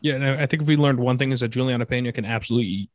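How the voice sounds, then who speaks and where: A young man talks fast and steers a relaxed podcast conversation from one point to the next. His voice is dry and close to the mic. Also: mid-range voice, no room sound. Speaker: podcast co-host. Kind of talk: casual chat.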